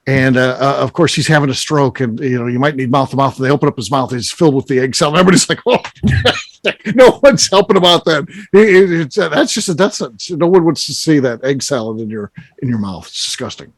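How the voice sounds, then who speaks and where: A man hosting a casual podcast chat, lively and teasing, laughing easily between remarks. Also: medium pitch, brisk, no echo, studio quality. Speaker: podcast host.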